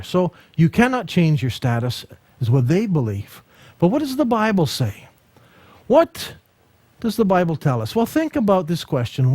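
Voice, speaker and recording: A man's voice: on the high side, dry recording. A man teaching a ministry school lesson, telling personal stories and acting out the dialogue, often restarting and repeating words. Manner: animated storytelling, acts out dialogue.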